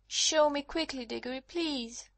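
A man's voice: very high-pitched, creaky, fairly bright tone, no echo, pitched above the performer's own voice, full character voice. A man voicing an anxious young woman who is lost at night and begging for help, in an audiobook reading. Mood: urgent. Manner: pleading, hurried. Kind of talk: audiobook character voice.

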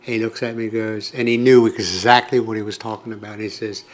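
A man's voice: lowish voice, little pitch movement, fairly quick. An older man from the United States, telling a long story to his vlog audience in a rambling, conversational way with many asides. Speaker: vlogger. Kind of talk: casual storytelling to camera.

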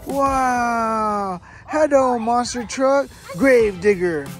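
A woman's voice: on the high side, extremely slow. A woman playing with a toy monster truck for her child's video, sing-song and full of exaggerated exclamations. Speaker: parent filming a toy video. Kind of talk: playful toy play with a child. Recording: loud background music.

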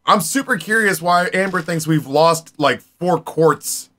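A man's voice: a little high, unhurried, a bit bright. A man in his forties chatting casually on a live stream, rambling and talking straight to his viewers. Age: 40s.

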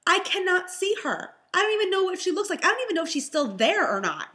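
A woman's voice: extremely high pitch, sing-song, fast talker, bright, forceful tone. A young pregnant woman telling a story in a chatty, exasperated vlog style. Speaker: vlogger, health and fitness coach.

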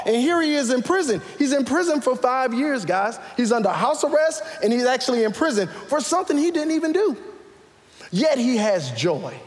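A man's voice: very high voice, long reverb tail. A man preaching a sermon as pastor to a live church congregation, calling out questions and asking for raised hands. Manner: animated, calls out questions to the congregation.

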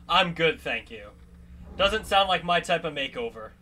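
A man's voice: on the high side, expressive, measured pace, bright, forceful tone, a little hiss or hum. A young man giving jumpy, exclamatory commentary over a horror game, often talking straight to the monsters. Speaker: gaming YouTuber. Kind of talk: live gameplay commentary.

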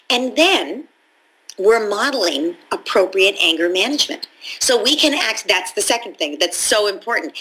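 A woman, a parenting expert answering interview questions in a calm, explanatory way, sometimes acting out what a parent or child might say. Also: on the high side, husky, rough recording.

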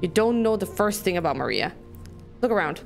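Mulher lendo como irmã enlutada e amarga. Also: female voice, fairly low pitch, big pitch swings, a little fast, vocal fry, faint music behind, pitched below the performer's own voice. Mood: bitter, accusing. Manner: bitter and accusing. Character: grieving angry woman defending her dead sister. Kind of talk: reading game dialogue aloud.

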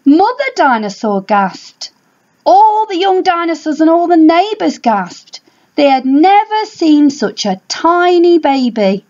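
A woman reading a picture book aloud for primary school children, animated and drawing out key words. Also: very high-pitched. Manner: animated, drawn-out emphasis. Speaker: storybook reader for a primary school. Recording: dull lo-fi home recording.

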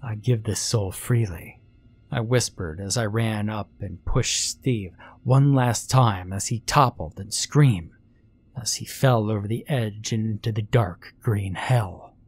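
A man narrating a first-person horror story in a wry, unhurried way. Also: on the low side, slightly rough, soft background music.

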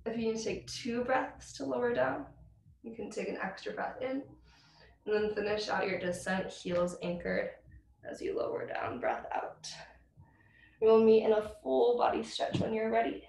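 A woman teaching a vinyasa yoga class over a video call from home, giving calm, encouraging cues with soft laughs. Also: fairly high pitch, normal speed, creaky, a little hiss or hum. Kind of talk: guided vinyasa class instruction. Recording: roomy video call audio, faint ambience.

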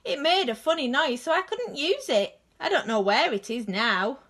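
A woman voicing a friendly, sheepish bear in a gentle storybook tone. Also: sits high, animated, moderate pace.

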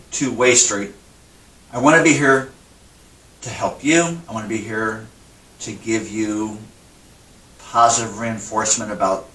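A man with a mid-range, fairly bright voice hosts a casual cooking vlog, talking candidly and rambling as he gets emotional about his struggles. He sounds some distance from the mic, and the room around him is echoey.

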